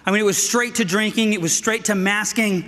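A middle-aged man preaching a sermon to men, energetic and out of breath, calling for amens. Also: high-pitched, brisk. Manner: energetic, calls for amens, asks "right?". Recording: echoey hall with long reverb.

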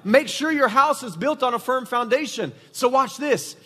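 A male pastor preaching a sermon in church, animated, often tagging his points with "right?". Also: very high-pitched, moderate pace, big-room sound.

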